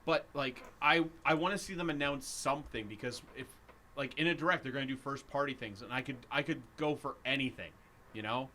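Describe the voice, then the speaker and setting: A young man co-hosting a casual gaming podcast, animated and jokey, laughing at himself. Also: medium pitch, brisk, slight background noise. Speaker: podcast co-host. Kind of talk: casual chat.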